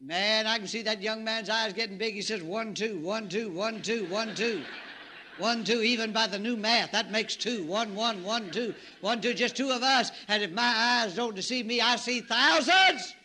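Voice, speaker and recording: A middle-aged man preaching a sermon, his voice pitched very high and ringing bright. He tells the story in an animated way and breaks into loud shouts and exclamations. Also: moderate pace, few pauses, a little hiss or hum.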